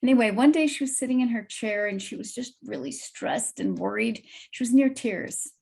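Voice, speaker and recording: A woman guest telling a personal story in a lively, vivid way on a video call podcast. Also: fairly high pitch, moderate pace, vocal fry, slightly rough.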